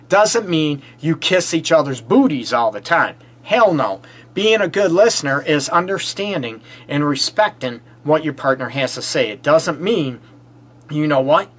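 Fields: man, host, emphatic, Detroit accent, a bit high. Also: a bit bright. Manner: emphatic, repetitive "you know what" and "let's face it"; laughs and rhetorical questions. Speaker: relationship counselor and show host. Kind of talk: call-in advice show monologue.

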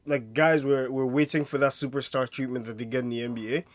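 A man's voice: medium pitch, steady tone, fast, no room sound. A man co-hosting a sports podcast in casual chat, rambling with many fillers and restarts. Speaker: podcast co-host.

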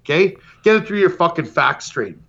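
A man's voice: a little high, big pitch swings, normal speed, gravelly, a bit bright, lo-fi sound. A man hosting a podcast, delivering a brash, profane comedic roast rant. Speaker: podcast host.

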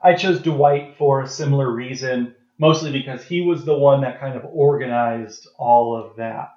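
A man co-hosting a casual podcast, relaxed and hesitant with lots of fillers. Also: medium pitch, moderate pace. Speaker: podcast co-host. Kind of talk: casual chat. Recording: echoey, dull lo-fi sound.

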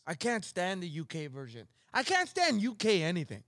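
A man's voice: high-pitched, wildly swooping pitch, normal speed, a bit bright, no room sound, clean studio sound. A man co-hosting a podcast in casual chat, joking bluntly and laughing often. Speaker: podcast co-host.

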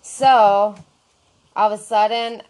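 A woman spinning a wild tale about herself with plenty of swearing, animated and self-mocking. Her voice sits at an ordinary middle pitch for a woman. She talks in a loose, chatty podcast style. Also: takes it slowly. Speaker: podcast co-host telling a story. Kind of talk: casual chat storytelling.

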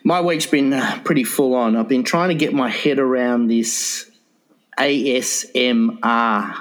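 A man's voice: mid-range voice, measured pace, poor audio. A man co-hosting a casual chat, joking around and hedging his words with lots of "uh" and "um". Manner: jokey, hesitant with many fillers.

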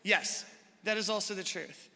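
A man preaching a sermon as a pastor, in a conversational, animated style with casual asides to the congregation. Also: sits high, normal speed, gravelly. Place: large church hall. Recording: live sermon in a reverberant hall.

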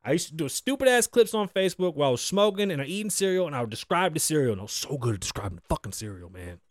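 Rapid-fire and fairly high-pitched, an American man in his thirties riffs through his casual solo podcast with profane, joking rants and big pitch swings. The recording is dry and studio quality.

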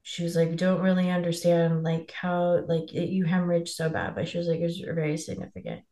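A woman's voice: fairly low pitch, fairly quick, mellow, roomy sound. A woman in casual podcast chat, rambling and filling with "like" as she acts out quoted dialogue. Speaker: podcast co-host telling her birth story.

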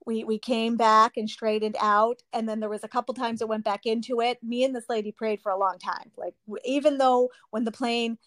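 A woman's voice: on the high side, brisk, few pauses, dry recording. A woman, a mother, animatedly retelling her testimony with frequent laughs. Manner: animated storytelling, laughs often.

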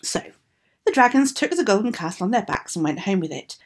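Husky woman reading a fairy tale. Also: medium pitch, a little fast. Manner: expressive, sing-song reading. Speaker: storyteller. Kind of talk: fairy tale read aloud.

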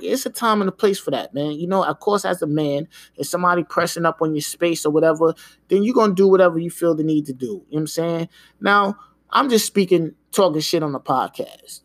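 On his podcast, a man with a high voice rants in quick, emphatic bursts, casual and profane, constantly throwing in "man" and "yo." There's no echo on the sound.

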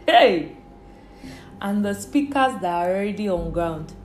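A Nigerian woman hosts her solo podcast in a loose, chatty way. She is playful, with sudden loud bursts followed by quiet muttered asides. The sound is roomy and echoey, with faint music underneath. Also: mid-range voice, animated, moderate pace. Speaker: podcast host. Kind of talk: casual solo podcast chat.

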